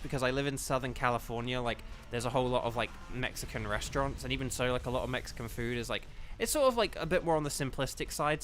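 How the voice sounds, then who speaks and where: A man's voice: medium pitch, bright, forceful tone. A man streaming a game, chatting casually with viewers in a rambling, thinking-aloud way. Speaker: streamer and voice actor. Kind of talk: casual live-stream chat while gaming.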